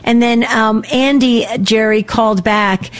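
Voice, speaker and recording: A woman's voice: a little high, steady tone, unhurried, clean tone. A woman hosting a call-in radio show, talking in a casual, reassuring and encouraging way.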